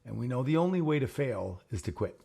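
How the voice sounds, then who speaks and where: A man's voice: mid-range voice, very animated, brisk, creaky, mellow, slightly rough. A man hosting a casual conversation, telling personal stories and acting out the quoted exchanges. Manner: storytelling, acts out quoted exchanges. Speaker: program founder and host.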